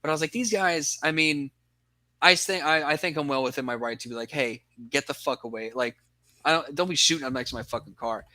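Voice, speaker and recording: Young guy podcast cohost, bright voice, dry close sound, rambling yarn full of swearing. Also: on the high side, fairly quick, no room sound. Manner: rambling storytelling, heavy swearing. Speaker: podcast co-host. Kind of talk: casual chat.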